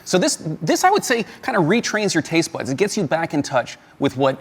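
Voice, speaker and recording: A man's voice: a little high, sing-song, brisk, hardly any pauses. A man, a food journalist, talking enthusiastically about food on a TV show. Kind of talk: studio chat and documentary narration.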